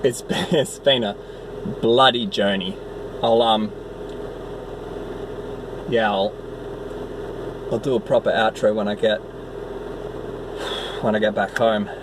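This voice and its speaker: A man talking casually to the camera in a self-filmed vlog, excitable and rambling, outdoors on a trail. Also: lowish voice, takes it slowly, long pauses, noisy background. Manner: excitable, rambling, swears mildly. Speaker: vlogger, trail runner.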